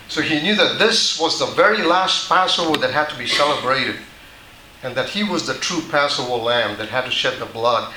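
A man's voice: mid-range voice, animated, normal speed, sharp tone, roomy sound, slight background noise, rough recording. A man preaching a sermon, teaching patiently and often restarting his sentences. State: dry mouth. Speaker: pastor.

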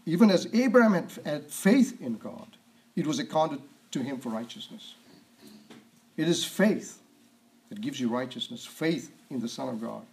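A man preaching a sermon, reading scripture aloud, asking rhetorical questions and often clearing his throat. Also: on the high side, darkish tone.

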